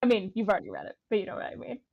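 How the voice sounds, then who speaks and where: Brief: excitable, rambling woman, mid pitch, dry muffled lo-fi mic. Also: racing, vocal fry, no room sound. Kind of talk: casual chat. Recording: dull lo-fi mic.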